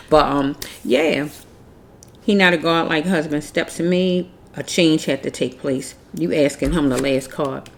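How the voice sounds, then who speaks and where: A woman's voice: low-pitched, unhurried, gravelly. A woman giving a casual tarot reading, blunt and preachy, repeating herself as she scolds. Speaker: tarot reader.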